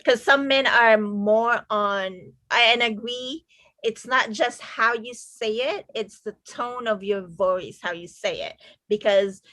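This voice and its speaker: A woman's voice: medium pitch, a bit bright, no echo. A woman taking part in a casual group discussion, speaking hesitantly and searching for her words. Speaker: discussion participant.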